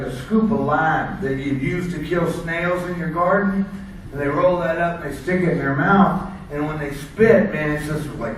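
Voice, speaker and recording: Heard from a distance across an echoey seminar hall with faint hiss, an American ex-wrestler with a slightly high male voice rambles through road stories for an audience, chuckling at his own anecdotes.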